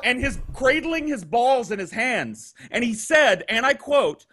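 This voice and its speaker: A man telling a crude story on a podcast in a casual, profane, animated way. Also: very high voice, a little slow. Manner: animated, profane, voice jumping up when excited. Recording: noisy podcast audio.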